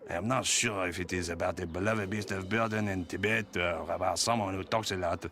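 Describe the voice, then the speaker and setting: Deep-voiced French-accented flea market dealer, courtly and persuasive with salesman patter. His game lines come through with plainly audible background noise. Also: steady tone, a little fast. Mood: salesy. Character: smooth-talking male flea market dealer. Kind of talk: video game character dialogue. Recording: noisy game audio.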